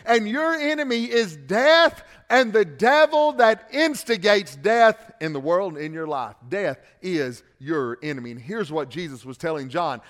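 A high-pitched male pastor preaching in a church sanctuary, his voice trailing off into the long reverb of a big room. He surges into loud, emphatic declarations, then drops to a quiet, chatty tone, often repeating a word as he restarts a phrase. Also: lively intonation, moderate pace, few pauses. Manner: swings between loud emphatic preaching and quiet conversational asides. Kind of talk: sermon.

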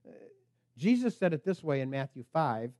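High-voiced emphatic male preacher. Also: big pitch swings, moderate pace, a little mellow, no echo, studio quality. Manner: emphatic, preacherly, voicing the tempter's lines. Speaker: pastor. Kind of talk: sermon.

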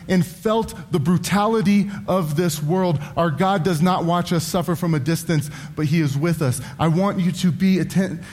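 Pastor, man in his thirties, fairly high voice, earnest sermon with wry asides, long church-hall reverb. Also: darkish tone.

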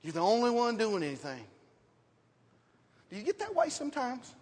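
A man preaching a sermon to a congregation in church, reading scripture and telling stories in an animated way. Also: very high voice, moderate pace. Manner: animated storytelling with scripture quotes. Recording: reverberant hall.

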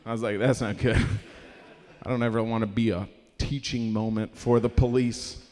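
A man's voice: on the low side, flat delivery, normal speed, a little mellow, in a large hall. A man doing a live stand-up set, telling a rambling story full of fillers and laughing at his own jokes. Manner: rambling storyteller, filler-heavy, cracks himself up. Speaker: stand-up comedian. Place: live comedy showcase venue.

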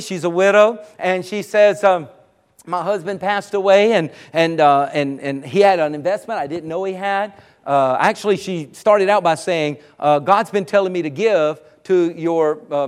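A man pastor telling a story in a sermon, animated and breaking into praise. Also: sits high. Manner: animated, rises to exclamations of praise.

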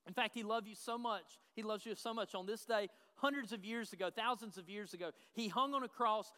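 A man's voice: high-pitched, brisk, few pauses, bright, forceful tone. A man preaching a sermon as pastor, emphatic and repeating his key phrases. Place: church sanctuary. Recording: long reverb of a large hall.

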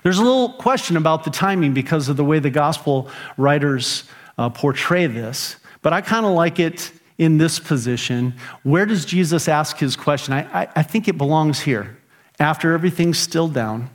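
A middle-aged man preaching a sermon as pastor, animated and earnest, acting out his own prayers and grumbling. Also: on the high side, moderate pace.

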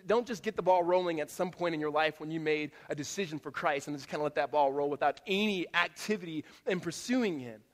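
A man preaching a sermon as a pastor to a church congregation, talking in a conversational, animated way with frequent restarts. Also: on the high side, a little fast, hardly any pauses. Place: church auditorium. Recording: long hall reverb.

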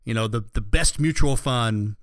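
Smooth-voiced man hosting a radio talk show. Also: mid-range voice, moderate pace, no echo, clean studio sound. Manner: rambling, with many fillers and restarts. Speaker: radio show host, financial advisor.

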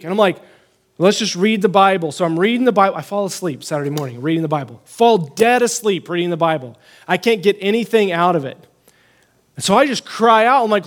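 A young adult man pastor telling a personal story in a conversational sermon, animated and rising when he proclaims scripture. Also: a little high, fairly quick.

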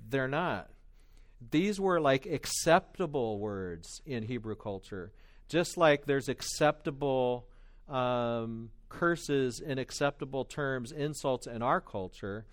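Conversational middle-aged man preaching. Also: mid-range voice. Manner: conversational, self-deprecating storytelling. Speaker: pastor. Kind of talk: sermon.

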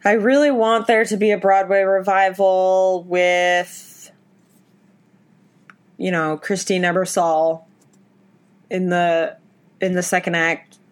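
A woman co-hosting a podcast in casual chat, gushing and excitable, swearing freely. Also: lowish voice, takes it slowly, pauses often. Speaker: podcast co-host.

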